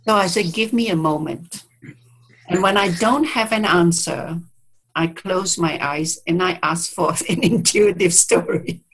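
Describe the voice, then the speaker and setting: Woman, therapist, reflective storyteller, low husky voice, video call. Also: unhurried, low-quality recording. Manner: reflective, hesitant restarts, quotes clients aloud. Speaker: therapist and guest speaker. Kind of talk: storytelling in an interview. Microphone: video call mic.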